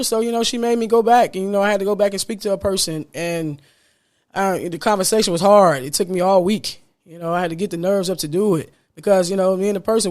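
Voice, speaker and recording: On his own podcast, a man with a high voice talks a little fast in a relaxed, heartfelt monologue. He sounds cheerful, like he's smiling, and says "man" a lot.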